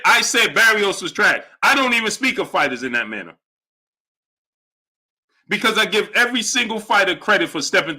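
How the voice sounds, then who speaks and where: A young man hosts a live boxing stream. He reads viewer messages aloud and repeats his points with emphasis. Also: high voice. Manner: animated, emphatic, repeats lines for effect. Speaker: boxing livestream host. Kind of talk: live stream chat, reading Super Chats.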